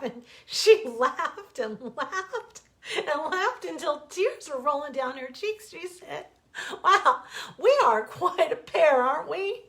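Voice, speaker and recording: A woman author reading a bedtime fable aloud in an expressive, dramatic storytelling manner. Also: on the high side. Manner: expressive, dramatic, warmly animated. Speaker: author reading her own stories.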